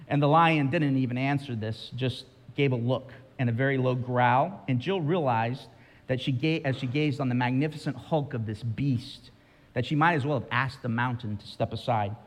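A man's voice: medium pitch, animated, normal speed. A male pastor preaching a sermon, telling a story with drama and speaking directly to his listeners. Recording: reverberant hall.

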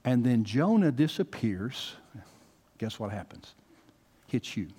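A man's voice: medium pitch, very animated, slow pace, dark tone, husky. A man from the American South preaching a conversational sermon as pastor, talking directly to his congregation and rising into emphatic bursts. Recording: long hall reverb.

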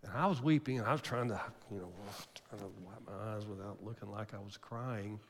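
An older man, a pastor preaching a sermon, telling a story emotionally, jumping from loud bursts to near-whispers. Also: on the low side, a little fast, slight background noise. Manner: emotional storytelling with sudden loud rises and soft drops. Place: church sanctuary. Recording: long hall reverb.

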